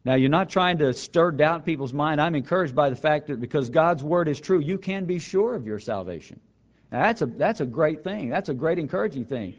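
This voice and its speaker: A man teaching a Bible lesson in a sermon style, earnest and emphatic, repeating key phrases and slowing down for quoted verses. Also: on the high side, expressive. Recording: slightly dull lo-fi recording.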